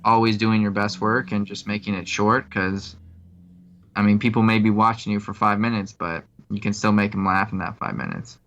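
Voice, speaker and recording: A man talking loosely on a podcast, circling his point with plenty of filler words. His voice sits a bit low. The recording sounds dull and lo-fi. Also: steady tone, normal speed, fairly bright tone. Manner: rambling, many fillers. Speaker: podcast co-host. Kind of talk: casual chat.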